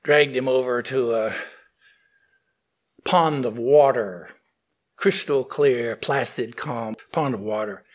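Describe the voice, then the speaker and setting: Slow, thoughtful male spiritual teacher. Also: medium pitch. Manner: slow, thoughtful, with fillers and restarts. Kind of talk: telling a fable and explaining its meaning.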